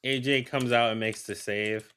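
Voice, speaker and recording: A man's voice: mid-range voice, steady tone, moderate pace, fairly bright tone, clean tone. A man co-hosting a wrestling podcast, talking casually with frequent restarts and fillers. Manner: hesitant, restarts, many "like"s. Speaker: podcast co-host. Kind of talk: casual chat.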